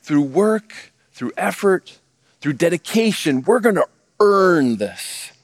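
A man in his thirties, a pastor, preaching a sermon with lively rhetorical questions that he answers himself. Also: sits high, takes it slowly.

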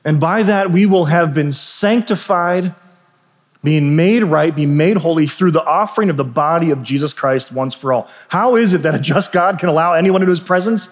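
A fairly high-voiced man preaching in an easygoing, talky manner. He often restarts his sentences and checks in with his listeners. The sound carries the long reverb of a big hall. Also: normal speed. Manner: conversational, frequent restarts and asides. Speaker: pastor. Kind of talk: sermon.

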